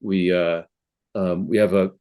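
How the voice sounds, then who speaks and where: Casting: low-pitched man, founder guest, halting, restarts often, home-office video call. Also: level tone, darkish tone. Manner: hesitant, many restarts and fillers. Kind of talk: casual interview conversation.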